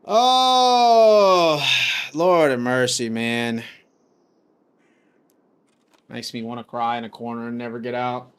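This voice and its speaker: A man streams a game live and talks loosely to his chat. He rambles and swears, sounding fed up with how things are going. His voice sits at an ordinary pitch for a man. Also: completely flat delivery, unhurried, pauses often, smooth. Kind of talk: casual live-stream commentary.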